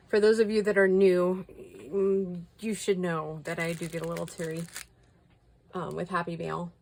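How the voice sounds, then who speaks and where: This woman speaks at a moderate pace in a low, level, creaky voice, with slight background noise behind her. Chatting casually, she shows off subscribers' crafty mail, gushing quietly over every piece and sometimes whispering.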